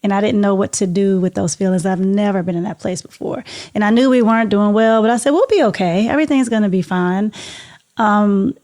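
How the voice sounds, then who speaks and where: A woman's voice: medium pitch, fairly even intonation, fairly quick, a little mellow. Earnest middle-aged woman telling her story. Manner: earnest, heartfelt and reflective. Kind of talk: personal storytelling in an interview.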